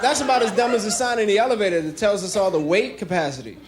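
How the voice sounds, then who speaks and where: A man's voice: high voice, quick pace. A young man from New York doing a stand-up comedy set on a club stage, telling jokes conversationally and breaking into acted voices. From New York City. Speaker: stand-up comic. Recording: crowd laughter and noise.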